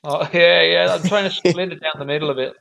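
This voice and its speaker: A man's voice: fairly high pitch, steady tone, fast, vocal fry, fairly bright tone. A man, a comedian, chatting in a laid-back, self-mocking way over a video call. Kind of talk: casual comedy banter.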